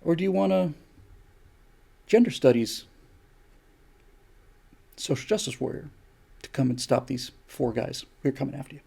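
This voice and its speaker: A man's voice: medium pitch, expressive, moderate pace, gravelly, pauses often, warm tone, breathy edge. An older man hosting a show, delivering an opinion monologue with emphatic, repeated rhetorical questions. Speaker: show host.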